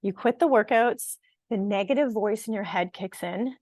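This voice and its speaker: A woman's voice: mid-range voice, moderate pace, a little mellow, no echo. A woman fitness and nutrition coach giving an online workshop talk to viewers. She speaks conversationally and encouragingly, laughing at times and often checking in with "right?" and "okay?". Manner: empathetic and encouraging, with occasional laughs.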